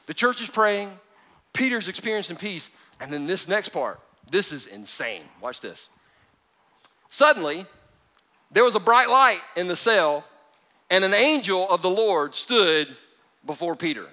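A man preaching a sermon to a live audience, animated and joking, swinging between hushed, drawn-out lines and loud bursts. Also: high voice. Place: church hall with a live audience.

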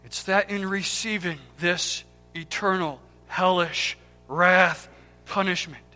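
A man preaching a sermon with impassioned swings between loud cries and hushed, near-whispered words, repeating key words for emphasis. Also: high-pitched, slow pace. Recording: long hall reverb with faint music.

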